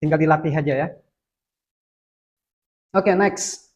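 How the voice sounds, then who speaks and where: Indonesian lecturer quizzing a class. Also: male voice, fairly high pitch, unhurried, a little mellow. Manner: questions students one by one, mixing Indonesian and English. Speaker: university English lecturer. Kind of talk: classroom teaching.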